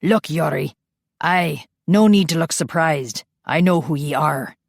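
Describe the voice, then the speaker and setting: Gruff male vampire warrior, growling, by a woman narrator, dry sound. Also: sits low, a little slow, no echo, full character voice. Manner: growling, blunt.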